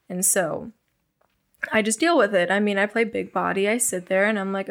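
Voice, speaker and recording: A young woman, a guest in an interview, frankly recounting her past with blunt, profane, animated storytelling. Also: medium pitch, brisk, vocal fry.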